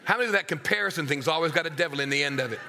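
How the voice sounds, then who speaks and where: A middle-aged man preaching a sermon, swinging from hushed asides to loud, acted-out voices. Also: a little high, racing.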